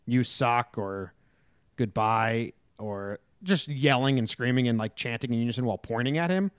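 A man's voice: medium pitch, fairly quick, dry recording, clean studio sound. A young man co-hosting a sports talk show, chatting casually and hesitantly with many fillers. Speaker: sports podcast co-host.

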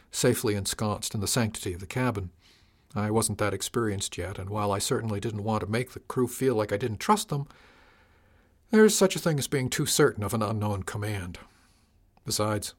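A man reading a first-person story aloud in a steady, measured storytelling manner. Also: fairly low pitch. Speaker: audiobook narrator. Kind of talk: first-person scripted narration.

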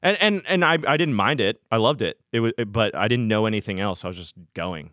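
Animated, profane man telling tour stories. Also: fairly low pitch, a little fast, dry recording, studio quality. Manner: profane rambling storyteller. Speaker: touring DJ guest. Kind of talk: casual podcast chat.

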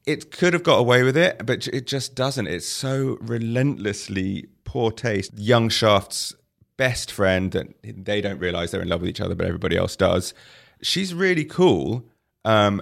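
Gravelly, wry man reviewing a film. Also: lowish voice. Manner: wry, sarcastic storytelling with punchlines. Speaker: arts editor reviewing films. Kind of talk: casual podcast film review.

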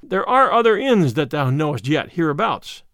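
A man's voice: a little high, very animated, normal speed, a bit bright, dry recording, clean studio sound. A man voicing a jolly, bold outlaw leader who teases his friend in old-fashioned speech. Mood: bossy.

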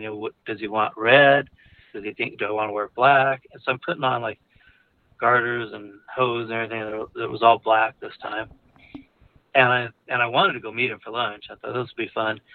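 A man's voice: mid-range voice, phone-quality sound. A man telling a personal story in a rambling, hesitant way, with fillers, restarts and nervous laughs. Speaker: storyteller recounting a personal experience. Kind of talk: casual confessional storytelling.

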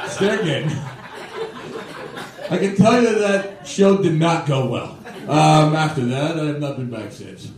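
A young man from Toronto is doing stand-up on a comedy club stage, his voice a little high, with background noise and audience laughter around him. He rambles loosely and caps his lines with "right?" and "okay?", all heard through a distant, roomy live club recording.

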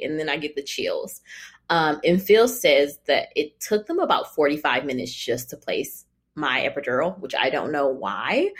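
Young woman, casual storytelling, lively swooping voice, lowish pitch, frequent laughs, acts out quotes. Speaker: mother telling her birth story.

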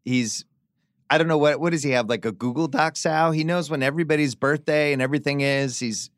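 A man's voice: a little high, fairly quick, no echo, studio quality. A middle-aged man hosting a podcast, telling chatty, wry anecdotes. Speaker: podcast host. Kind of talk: casual chat.

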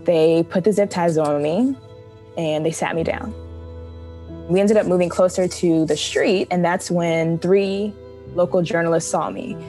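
A woman's voice: fairly low pitch, fairly even intonation, measured pace, dark tone, faint music behind, poor audio. A woman photojournalist telling her own story candidly, emotional and close to tears, laughing through hard moments. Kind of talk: personal storytelling interview.

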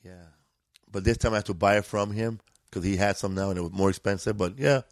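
Slangy, profane LA comedian. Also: male voice, lowish voice, quick pace, no room sound. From East Los Angeles. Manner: profane, laid-back, drawling street slang. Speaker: guest comedian. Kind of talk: casual storytelling.

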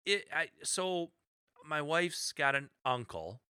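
A man's voice: a little high, lively intonation, slow pace, bright, forceful tone, clean tone, dry recording, studio quality. A middle-aged man from the Midwest co-hosting a podcast, chatting casually, giggly and full of asides. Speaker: podcast co-host. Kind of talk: casual chat.

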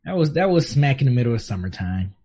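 Lively husky man hosting a stream. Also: mid-range voice, fast talker. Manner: laughs often, repeats himself, shouts out viewers. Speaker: stream host. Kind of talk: casual group chat on a live stream.

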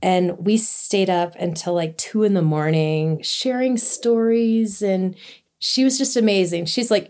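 A woman telling a personal story in a casual, lively way, laughing now and then and acting out what was said. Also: medium pitch, measured pace. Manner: lively, laughs while telling, acts out quotes. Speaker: interviewee telling a hiking story.

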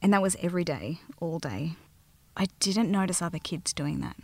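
An Australian mother telling her own story in a soft, halting way that often drops to a near whisper. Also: on the low side, no room sound. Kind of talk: personal storytelling interview.

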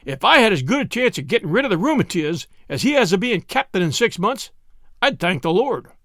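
A man's voice: high voice, big pitch swings, a little fast, fairly bright tone, no echo, heavily acted. Man doing a folksy old cobbler. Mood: teasing. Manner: drawling rustic dialect, dry teasing. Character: wry old country cobbler, folksy and teasing.

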